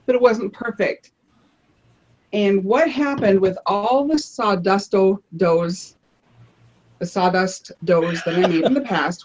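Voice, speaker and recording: A woman's voice: medium pitch, darkish tone. Chatty woman demoing crafts, muffled audio. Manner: chatty, restarts phrases, explains as she holds things up. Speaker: panel guest showing her crafts. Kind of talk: casual show-and-tell on a live panel show.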